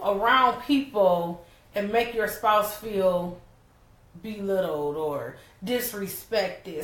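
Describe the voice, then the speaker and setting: A woman co-hosting a casual advice talk with her husband, steady and agreeing. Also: mid-range voice. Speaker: co-host, wife. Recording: echoey room.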